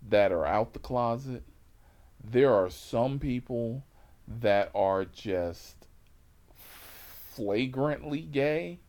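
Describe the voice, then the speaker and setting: Brief: rideshare driver telling a story, drawn-out slangy delivery, lots of pitch swings. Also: male voice, a little mellow. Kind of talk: casual storytelling.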